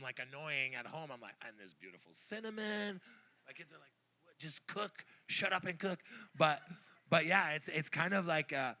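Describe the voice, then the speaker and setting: Chatty, bright-toned man rambling on stage. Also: fairly high pitch, muffled recording. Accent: Montreal English. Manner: rambling, animated storyteller with many fillers. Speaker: celebrity chef guest. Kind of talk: casual stage chat. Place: live event on stage before an audience.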